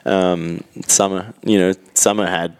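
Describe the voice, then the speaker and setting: Deep-voiced Australian man, rambling. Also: fairly even intonation, measured pace, smooth. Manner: rambling, many fillers and restarts. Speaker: guest, motocross racer. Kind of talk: casual podcast conversation.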